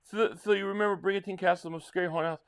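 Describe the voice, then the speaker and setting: Chatty, rambling man with a high voice. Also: fairly even intonation, rapid-fire, clean tone. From South Jersey, near Philadelphia. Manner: rambling and chatty, with frequent restarts. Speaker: live stream host. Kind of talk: casual live stream chat answering viewer comments.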